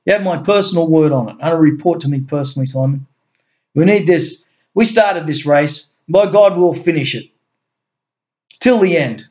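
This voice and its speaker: A man's voice: a little high, moderate pace, darkish tone, close to an everyday voice. A man voicing a genial, commanding male head of state in a homemade story reading, talking in a hearty, expansive way that swoops upward. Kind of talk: amateur story reading with voices.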